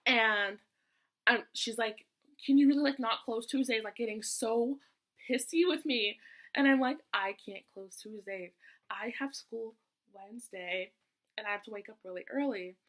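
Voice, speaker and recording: A woman's voice: fairly high pitch, measured pace, a bit bright. A young woman and student telling a storytime vlog in a chatty, exasperated way, with sassy asides. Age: young adult. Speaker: vlogger. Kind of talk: casual storytime.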